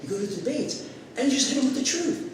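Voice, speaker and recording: A man delivers a campaign stump speech in a high voice that swings widely as he acts out quotes with animation. He is captured by a camera far across an echoey former classroom, with steady background noise. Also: quick pace. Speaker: political candidate. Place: former classroom at a local meeting.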